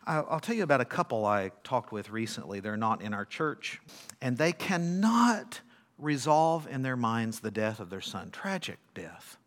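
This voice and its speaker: Speaking at normal speed with a mid-range voice and big pitch swings, a male pastor delivers a sermon. He reads scripture dramatically, questions his congregation, and alternates loud declarations with hushed asides.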